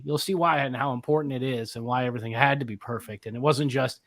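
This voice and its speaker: A man's voice: mid-range voice, fast, hardly any pauses, fairly bright tone, no echo, studio quality. Chatty male co-host plugging news. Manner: chatty, promotional, restarts phrases. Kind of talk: casual livestream chat.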